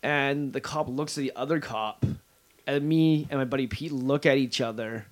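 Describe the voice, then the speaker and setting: A man's voice: medium pitch, normal speed. Canadian man telling a rambling story. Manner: animated anecdote telling with lots of "like". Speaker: podcast co-host. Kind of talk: casual storytelling.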